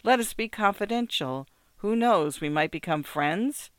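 A desperate, agitated man, as a reader puts him on, pressing with feverish questions. The voice is clean and smooth, recorded close and dry. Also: mid-range voice, expressive, a little slow, fairly bright tone, no room sound, voice pushed up.

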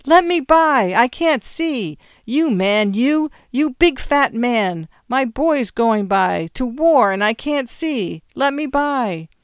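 A woman reading a story and voicing a desperate little mother whose cries come out high and choked. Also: lively intonation, takes it slowly, few pauses, clean tone, dry recording, studio quality. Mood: frantic. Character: frantic small middle-aged mother, desperate.

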